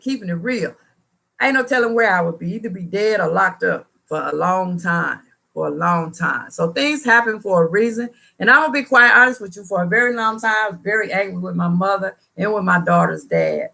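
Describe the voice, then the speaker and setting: A woman chatting live with her viewers in a casual, slangy way. Her voice is bright and forceful, and she talks with earnest, preachy conviction, hammering points home by saying them again. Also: mid-range voice, lively intonation, normal speed, creaky. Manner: earnest and preachy, repeats phrases for emphasis; colloquial, slangy talk. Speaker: livestream host answering viewers. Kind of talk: casual live chat, motivational testimony.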